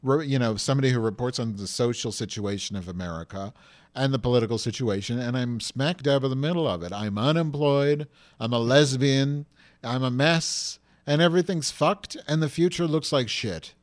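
Brash, theatrical male co-host, profane and loud-mouthed, middle pitch. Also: moderate pace, no room sound. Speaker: podcast co-host. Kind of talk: casual chat.

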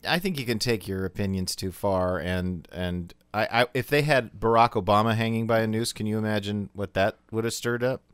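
Calm, steady male storyteller; smooth, low voice. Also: normal speed, few pauses, dry recording. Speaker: podcast co-host. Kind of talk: casual chat.

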